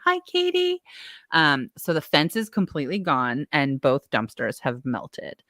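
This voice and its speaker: A young adult woman co-hosting a casual podcast, telling a story with lively acted-out quotes. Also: rumbling low, dry recording, clean studio sound. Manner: animated storyteller, acts out quotes. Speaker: podcast co-host. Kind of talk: casual chat.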